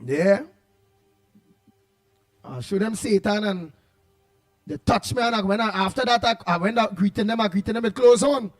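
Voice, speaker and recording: A Trinidadian man hosting a morning radio show, rambling playfully with bursts of loud greetings. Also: sits high, moderate pace, pauses often, dry recording, studio quality, soft background music. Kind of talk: casual call-in radio chat.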